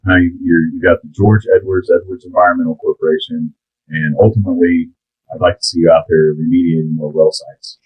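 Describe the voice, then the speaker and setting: A man with a very deep, husky voice hosts a casual podcast and fires off eager questions to his guests. The sound is thin and boxy, like a telephone line. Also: fairly even intonation, brisk. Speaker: podcast host. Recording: tinny phone-like sound.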